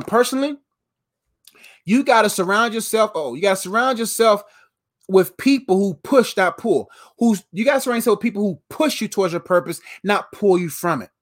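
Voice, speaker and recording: High-voiced man giving an emphatic pep talk. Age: 30s. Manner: repetitive, emphatic, preacher-like cadence. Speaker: motivational speaker. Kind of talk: motivational talk.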